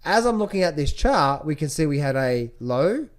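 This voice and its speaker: Animated man walking through stock charts. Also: on the high side, moderate pace. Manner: repetitive, rhetorical questions, animated pointing out. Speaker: trading educator. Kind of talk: screen-share chart walkthrough.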